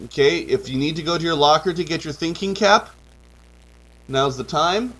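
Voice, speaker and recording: Here the chemistry teacher, a man teaching high school, has a voice on the high side with a fairly bright tone and normal speed. The recording is low quality. He lectures by drilling key terms, with frequent "okay" checks and dry humor.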